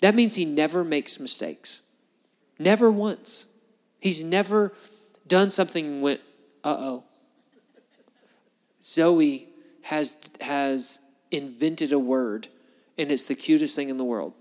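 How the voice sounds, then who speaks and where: A man preaching a sermon to a congregation, conversational and animated, full of rhetorical questions. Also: a little high, slow pace, pauses often, in a large hall. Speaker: pastor. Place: church hall before a congregation.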